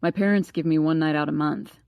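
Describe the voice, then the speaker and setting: A woman's voice: low-pitched, steady tone, brisk, gravelly, smooth, no room sound, muffled recording, voice pushed down. A woman voicing a teasing, theatrical teenage boy. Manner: teasing, dramatic, wheedling. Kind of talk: audiobook character voice.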